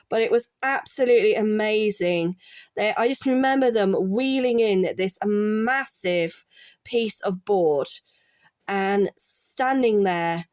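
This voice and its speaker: A woman's voice: mid-range voice, darkish tone, no echo. A middle-aged woman chatting casually while she works on art, rambling with restarts and quoting people she worked with. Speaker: artist and former college art support worker.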